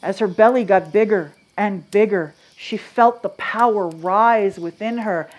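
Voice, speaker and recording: Dramatic woman storyteller, hushed then lively. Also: medium pitch, measured pace, muffled recording. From Maine. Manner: dramatic, swings from hushed to loud and animated; asks the audience questions. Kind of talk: live storytelling to an audience.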